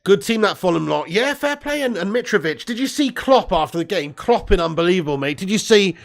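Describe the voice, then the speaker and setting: A man hosting a live football watch-along with a voice pitched high for a man. He commentates excitably, swears freely, laughs often, and reads out viewer messages between bursts of play. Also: brisk, gravelly, few pauses. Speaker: host.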